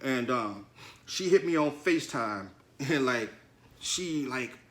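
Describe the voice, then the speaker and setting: Unhurried and pushed, his bright, fairly high voice swings widely in pitch as he hosts a podcast. He shares a candid personal story in slangy, confessional terms, talking right to the audience.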